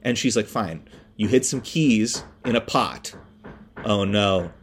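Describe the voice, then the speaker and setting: A man hosting a podcast, recapping a film in a rambling, animated way, with many fillers, restarts and swear words. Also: fairly low pitch, measured pace, a little hiss or hum. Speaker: podcast host. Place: indoors, construction noise nearby.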